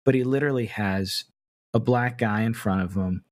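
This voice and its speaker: A man's voice: lowish voice, moderate pace, no room sound. A man in a casual podcast discussion who talks analytically and laughs easily. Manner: amused, analytical, laughs often.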